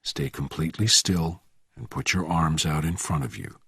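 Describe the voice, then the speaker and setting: A man voicing a calm, menacing male agent who speaks low and quiet. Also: a little slow, gravelly, slightly rough, no room sound, studio quality, full character voice. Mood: cold menace.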